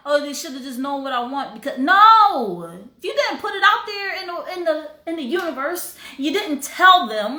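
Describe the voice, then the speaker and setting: A woman's voice: high voice, animated, normal speed, hardly any pauses, pushed and bright, reverberant. A woman hosting a casual livestream, talking in an emphatic, preachy way and sometimes breaking into song. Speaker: host.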